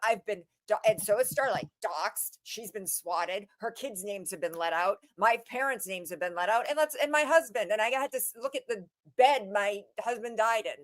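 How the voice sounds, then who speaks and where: A woman's voice: mid-range voice, moderate pace, few pauses. A woman co-hosting a livestream, venting earnestly in casual chat about being harassed online. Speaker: livestream co-host.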